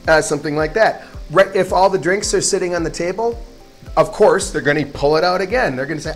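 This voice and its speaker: A man giving a casual, chatty lesson, repeating words slowly for practice. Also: high voice, faint music behind. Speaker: language teacher.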